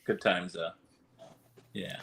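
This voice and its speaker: A man's voice: low-pitched, slow pace. A man on a podcast telling a story, acting out the lines of others and sprinkling in fillers. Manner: animated, acts out quotes, frequent fillers. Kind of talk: casual chat, anecdote.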